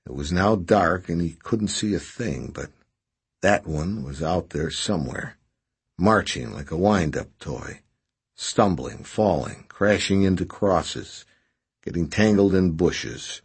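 A male audiobook narrator with a very low, gravelly and husky voice. He reads the story with a lively, expressive rise and fall, in scripted narration. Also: slow pace.

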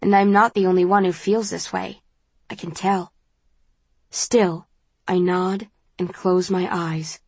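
Low-voiced woman narrating a novel. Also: little pitch movement, slow pace, a little mellow, breathy edge, no echo. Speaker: audiobook narrator. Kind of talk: first-person novel narration.

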